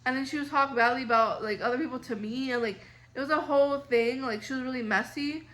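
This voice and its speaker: A woman's voice: sits high, fast, fairly bright tone. A young woman telling a story casually on her vlog, rambling with lots of filler words. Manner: rambling, many "like" fillers, upset recounting. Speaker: vlogger.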